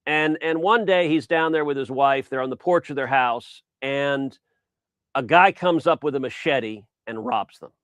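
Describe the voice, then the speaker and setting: A man's voice: medium pitch, a little slow, a bit bright, no echo. A middle-aged man, a senator as interview guest, who often repeats his opening words and tells an anecdote.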